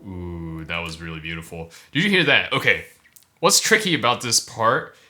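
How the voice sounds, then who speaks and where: A man, a pianist, gives casual, enthusiastic reaction commentary on a performance, full of fillers and excited outbursts. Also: lowish voice, a little fast. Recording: piano music playing behind.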